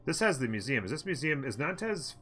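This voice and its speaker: A man's voice: fairly high pitch, big pitch swings, brisk, a bit bright, faint music behind. A man hosting a strategy game let's play, chatting and thinking aloud as he plays and answering his chat.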